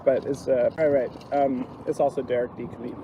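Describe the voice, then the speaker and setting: Walking city streets on a livestream, a guest comedian tells loose, rambling jokes packed with fillers in casual chat. His mid-range voice is level and brisk, and the dull audio is full of outdoor street noise.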